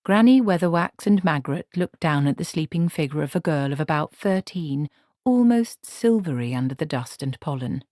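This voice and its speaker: A woman narrating an audiobook with an expressive reading. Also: low-pitched, moderate pace, no room sound, studio quality. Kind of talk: scripted narration.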